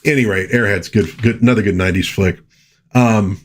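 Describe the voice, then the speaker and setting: A man's voice: on the low side, lively intonation, normal speed, slight background noise. A middle-aged man hosting a casual live stream, chatting with enthusiasm and rambling through lots of fillers. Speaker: host.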